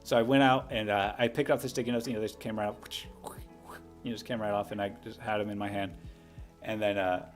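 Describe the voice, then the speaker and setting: A man's voice: on the low side, fairly even intonation, quick pace, faint music behind. A young man casually telling a long story on a livestream, rambling with frequent restarts and asides. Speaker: livestream host.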